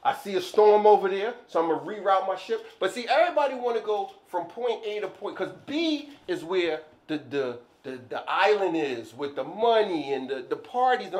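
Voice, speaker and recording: A man co-hosting a podcast in casual chat, an animated storyteller who acts out little scenes. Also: high voice, moderate pace, hardly any pauses. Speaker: podcast co-host.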